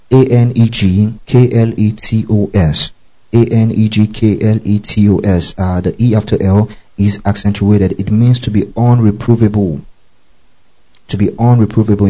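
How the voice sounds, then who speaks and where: A man with a fairly low, dark-toned voice leads a Bible study, reading verses aloud and spelling out Greek words. He checks in with the class often, asking whether they're following. The audio quality is poor.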